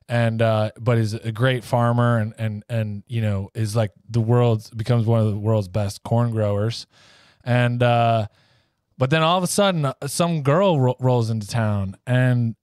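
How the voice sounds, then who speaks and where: A man in a medium-pitched voice rambles through a goofy made-up story, with filler words everywhere. The sound is close and dry, with no room echo. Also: a little mellow, smooth. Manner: rambling, full of "you know" and "uh". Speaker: podcast co-host.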